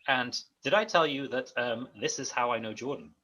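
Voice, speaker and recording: A man's voice: mid-range voice, normal speed, bright, forceful tone, poor audio. An Irish man hosting a casual chat, making dry joking asides. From Ireland. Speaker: host.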